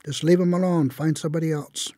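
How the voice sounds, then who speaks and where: A man's voice: on the high side, fairly even intonation, quick pace, mellow, no echo, studio quality, close to an everyday voice. A man voicing the stern, disapproving parents of a young woman, speaking firmly in a told story. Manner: firm, scolding.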